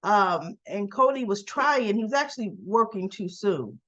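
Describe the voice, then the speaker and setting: A woman's voice: mid-range voice, lively intonation, measured pace, highs cut off. A woman casually recapping a soap opera episode, chatting through the scenes and retelling who said what. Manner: chatty, retells scenes with "she goes" quotes.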